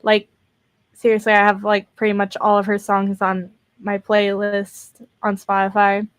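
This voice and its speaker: A woman's voice: medium pitch, completely flat delivery, unhurried, clean tone. A young woman streaming casually from her bedroom, tired and rambling, repeating words and laughing between fillers. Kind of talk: casual live-stream chat. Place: bedroom at home.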